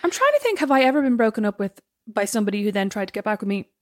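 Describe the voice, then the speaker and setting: Woman, casual chat, quick pace, dry recording, lively storyteller. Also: mid-range voice, no room sound. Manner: chatty, animated storyteller acting out quotes. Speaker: podcast co-host.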